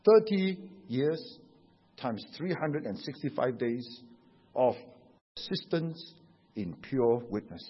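A Singaporean pastor preaching a sermon, telling stories in an animated way and tagging his sentences with "huh?" and "you know". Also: medium pitch, takes it slowly, husky. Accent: Singaporean English. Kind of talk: sermon with anecdotes. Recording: dull echoey hall recording.

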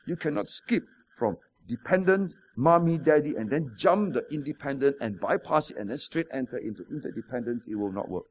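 A man's voice: fairly high pitch, animated, moderate pace, few pauses, husky. A man, preaching a sermon with stories, rhetorical questions and emphatic repetition. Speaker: pastor.

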